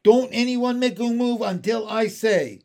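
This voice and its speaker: A man voicing a blustering, panicky male fire department chief in a storybook reading, loud and excitable. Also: sits high, normal speed, pitched above the performer's own voice. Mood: grim.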